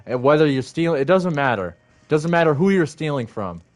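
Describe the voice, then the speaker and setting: A man rants heatedly into his stream, swearing often and circling back to the same points. His voice sits a little high for a man. He keeps the same worked-up tone throughout. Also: expressive, fairly quick. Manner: heated, profane, repetitive. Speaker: livestream host. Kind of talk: angry ranting monologue.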